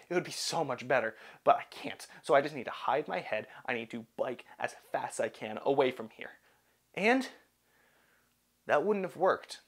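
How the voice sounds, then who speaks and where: A young man narrating a personal story in an animated, self-deprecating way. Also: mid-range voice.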